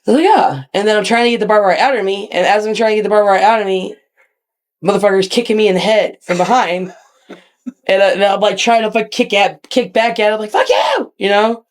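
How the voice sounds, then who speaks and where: A woman telling animated, profane stories in a casual interview as a guest, acting out quotes with big jumps in her voice. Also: medium pitch, a little fast. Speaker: guest wrestler.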